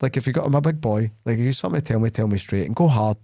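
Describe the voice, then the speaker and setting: With a medium pitch and vocal fry, a man races through his words on a clean, dry studio recording. He's a podcast host in casual conversation, telling stories in a blunt, plain way and acting out what people said.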